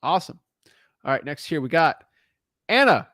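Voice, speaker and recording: A man's voice: on the high side, very animated, moderate pace, a bit bright, no room sound, clean studio sound. A young adult man coaching callers on real estate deals live, direct and encouraging, checking in with the listener as he talks.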